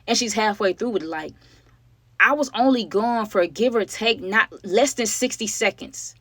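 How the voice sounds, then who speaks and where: A woman's voice: medium pitch, moderate pace, a bit bright, no echo. Female vlogger, casual slangy storyteller, talks straight to viewers; dry, close recording. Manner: chatty, slangy, keeps addressing viewers directly.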